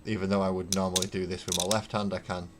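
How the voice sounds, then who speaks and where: A man hosting a casual livestream while painting miniatures, rambling wryly and thinking out loud as he answers viewer comments from his hobby room at home. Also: sits low, little pitch movement, fast, noisy background. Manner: rambling, wry, thinks aloud with fillers. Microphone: webcam.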